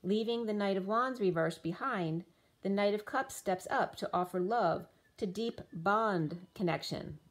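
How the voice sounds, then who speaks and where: At a measured pace, a mid-range female voice delivers a spiritual tarot reading full of dreamy free association and rhyming asides. She is a tarot reader, and she's losing her voice as she goes.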